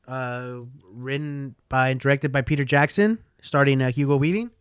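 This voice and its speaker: A man's voice: mid-range voice, moderate pace, clean tone, no room sound. A man co-hosting a podcast, reading through film releases and teasing his co-host with frequent laughter. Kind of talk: casual chat.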